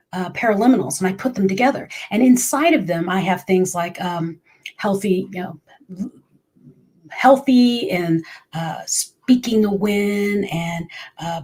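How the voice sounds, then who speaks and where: A woman in her forties speaking casually and from the heart as a motivational speaker in a personal vlog, at times dropping to a soft whisper. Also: medium pitch, husky.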